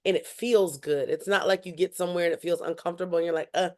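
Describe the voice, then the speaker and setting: A young woman, a student journalist, telling her story as a podcast guest in an animated way and acting out what others said. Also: on the low side, fast. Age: young adult. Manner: animated, acts out other people's lines. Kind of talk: casual interview storytelling.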